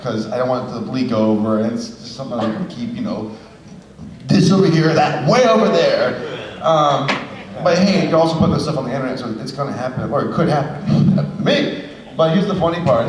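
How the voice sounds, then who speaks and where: A man's voice: medium pitch, moderate pace. A young man telling a joking story on a convention panel. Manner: animated storytelling, jokey asides. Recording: echoey hall from far off.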